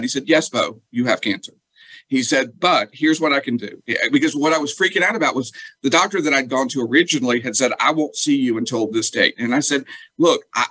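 A man, a guest telling a personal story in lively, casual talk and acting out what others said. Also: medium pitch, breathy edge, no room sound, poor audio. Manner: animated, acts out quoted dialogue.

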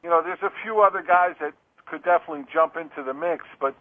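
A man's voice: a little high, quick pace, no room sound. A man giving fantasy football analysis as a guest, with frequent restarts and fillers. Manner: hesitant restarts, lots of "you know". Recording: tinny phone line.

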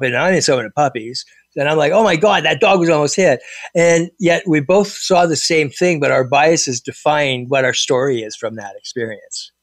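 A man's voice: fairly high pitch, no room sound. Chatty man, dry close sound. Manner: animated storyteller, many fillers and restarts. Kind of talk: casual conversation.

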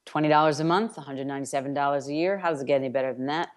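A woman's voice: deep voice, very fast. A woman from New York hosting a self-help radio show, speaking emphatically with chant-like repetitions.

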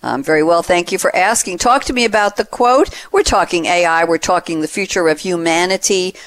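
A woman hosting a panel discussion, chatty and playful, with quick asides. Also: on the low side. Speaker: host.

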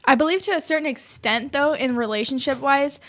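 A woman's voice: high-pitched, fairly quick, a bit bright. A young woman co-hosting a casual chat, talking in a giggly, easygoing way. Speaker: co-host.

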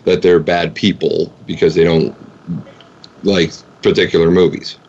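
Hesitant, low-voiced man in casual chat. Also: little pitch movement, a little mellow, muffled recording. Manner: hesitant, halting.

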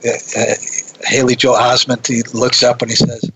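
A man telling a personal story in a relaxed conversation, animated and often restarting his sentences. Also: medium pitch, moderate pace, slightly rough, poor audio.

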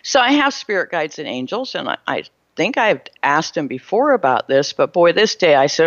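A middle-aged woman tells her own story with a lower-than-usual voice that swings widely in pitch. She often stumbles, restarts and repeats words as she goes. The sound is dull and lo-fi, with a dry, close feel. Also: very animated, moderate pace, hardly any pauses, no echo. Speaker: spiritual storyteller. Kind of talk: personal storytelling monologue.

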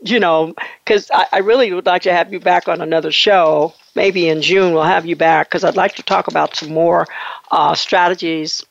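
A woman hosting a show asks questions in a hesitant way, often repeating words. Her voice is low and gravelly. The recording is dry and a bit dull. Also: no echo. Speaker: radio show host. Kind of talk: interview conversation. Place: standing at home studio with headphones.

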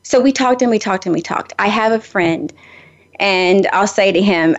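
A woman's voice: mid-range voice, normal speed. A middle-aged woman from Nashville, speaking in a Southern accent, hosts a radio talk show. She chats on and on in a friendly, storytelling way. The audio sounds a little dull, like it came over the radio. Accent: Southern American. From Nashville, Tennessee. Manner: talkative, animated storyteller. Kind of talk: chatty radio monologue.

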